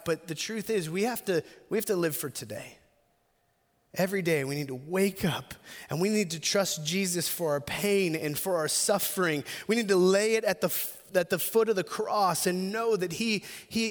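A male pastor with a high voice delivers an earnest sermon. He often restarts his phrases and slows right down on the words that matter. A long hall reverb trails his voice. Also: a bit bright. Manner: earnest preaching with frequent restarts, slowing on key phrases.

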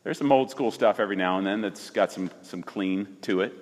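With a lowish voice and a slightly fast pace, a pastor in his forties tells a personal story in casual conversation. He speaks animatedly and emphatically, frequently restarting sentences, amid big-room acoustics.

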